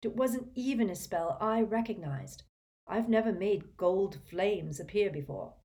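A woman's voice: medium pitch, a little slow, close to an everyday voice. Woman reading a stubborn teenage boy wizard. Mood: frustrated. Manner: tense, flat insistence.

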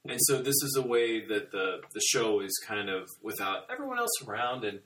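A man's voice: lowish voice, big pitch swings, moderate pace, fairly bright tone. A man co-hosting a casual podcast chat about a TV episode, talking in an easygoing way. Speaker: podcast co-host. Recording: echoey room, distant mic.

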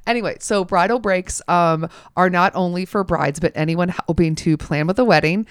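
A woman's voice: fairly low pitch, moderate pace, smooth, no room sound, studio quality. Chatty woman podcast host. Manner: chatty, laughs often, rambling asides. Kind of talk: casual chat.

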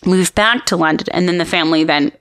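Lady podcast host rambling through a story, lowish voice, dry close sound. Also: fast, fairly bright tone, clean tone, no echo. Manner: rambling, hesitant storytelling with restarts. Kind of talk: casual chat.

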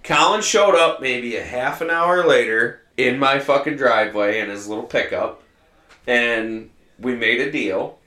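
Bright-voiced man telling profane stories. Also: mid-range voice, unhurried. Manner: profane, animated storyteller. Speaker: podcast host and farmer. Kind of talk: casual storytelling chat. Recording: roomy echo.

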